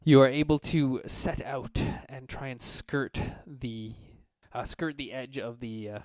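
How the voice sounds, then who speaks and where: A man narrating as game master of a tabletop game, relaxed and halting with many fillers. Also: medium pitch, no echo, clean studio sound.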